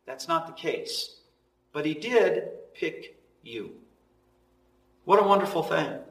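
A man preaching a sermon, swinging between loud emphatic lines and hushed, slow ones. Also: high voice, roomy sound, recorded from a distance, rough recording. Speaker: pastor.

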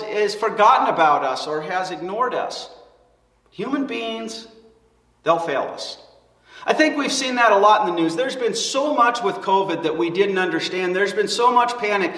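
Male pastor, high-pitched, earnest sermon delivery; echoey hall recording from a distance. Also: a bit bright. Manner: earnest preaching with rising emphasis and restarts. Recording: echoey hall, mic far off.

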